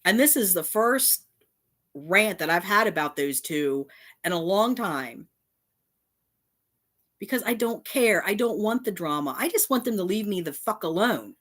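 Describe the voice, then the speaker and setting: A woman's voice: mid-range voice, lively intonation, unhurried, a bit bright. A woman hosting her own channel, indignantly ranting in response to critics, reading out comments and swearing. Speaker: channel host. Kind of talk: angry response rant.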